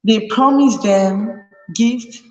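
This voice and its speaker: A woman's voice: on the high side, extremely slow, darkish tone, highs cut off. A woman hosting a live parenting chat, earnestly advising parents and repeating her key points. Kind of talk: live talk to an audience. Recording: echoey room with long reverb.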